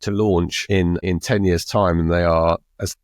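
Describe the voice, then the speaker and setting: A man's voice: low-pitched, steady tone, no room sound, studio quality. A middle-aged man co-hosting a podcast, chatting casually and often restarting his sentences. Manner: halting, with frequent restarts. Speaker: podcast co-host. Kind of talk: casual chat.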